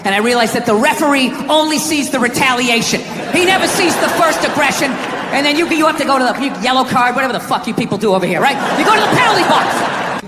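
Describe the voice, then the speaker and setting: Ranting high-voiced man, stand-up on stage. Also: lively intonation, fast, heavy background noise. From United States. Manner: profane, ranting, exasperated. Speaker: comedian. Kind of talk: stand-up comedy. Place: large theater with a laughing crowd. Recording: echoey live hall, loud crowd.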